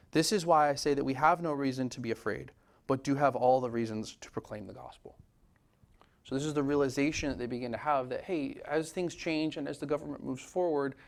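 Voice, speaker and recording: A man delivers a sermon from the pulpit in a loose, conversational way. His voice sits somewhat high, and he keeps slipping into casual asides and lively retellings. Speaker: pastor. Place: church sanctuary.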